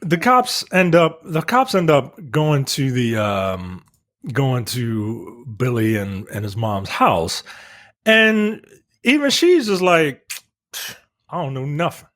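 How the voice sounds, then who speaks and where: Lively man retelling a movie, doing voices. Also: medium pitch, takes it slowly, dry recording, clean studio sound. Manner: animated retelling, acting out characters in quotes; profane, joking. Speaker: podcast co-host. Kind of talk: casual movie review chat.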